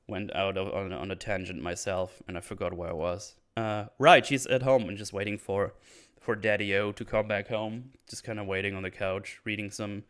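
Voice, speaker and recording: A man with a fairly low voice gives a loose, chatty recap of an episode. He rambles, trips over his words and circles back with plenty of fillers as he talks. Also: steady tone, a little slow, smooth. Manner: rambling, many restarts and fillers. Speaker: show recap host.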